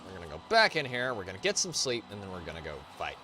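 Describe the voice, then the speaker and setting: A man's voice: low voice, wildly swooping pitch, fast talker, noisy background. Rambling man narrating his gameplay. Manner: rambling, profane, self-interrupting. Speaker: gaming channel host. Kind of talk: casual let's-play commentary.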